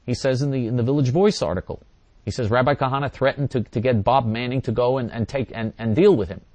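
Older guy doing a talk radio rant, keeps repeating himself hard, dead dry studio mic, middle pitch. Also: quick pace, darkish tone, no echo. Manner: emphatic and repetitive, hammering points again and again. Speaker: talk show host. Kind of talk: talk radio monologue answering listeners.

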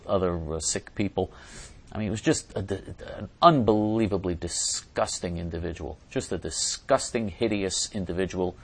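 A man's voice: fairly low pitch, a bit bright. A man hosting a talk show, answering viewer comments in a blunt, indignant monologue with frequent restarts. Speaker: host answering viewer questions.

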